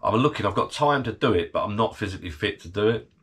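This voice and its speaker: Husky low-voiced man chatting. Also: lively intonation, quick pace, a bit bright. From United Kingdom. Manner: chatty, rambling, laughs often. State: recovering from illness, tired. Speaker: channel host. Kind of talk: casual vlog chat. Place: garden bar shed.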